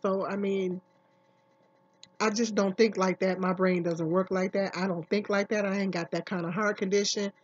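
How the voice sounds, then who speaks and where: A woman's voice: mid-range voice, fairly even intonation, normal speed, slightly rough. A woman vlogger giving casual, emphatic commentary, repeating herself and asking many questions. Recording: dull lo-fi recording.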